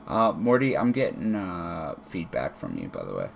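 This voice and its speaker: A man narrating as game master of a tabletop game, relaxed, with many fillers and restarts. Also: low voice, normal speed, vocal fry, heavy background noise. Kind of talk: narrating a tabletop game over an online call.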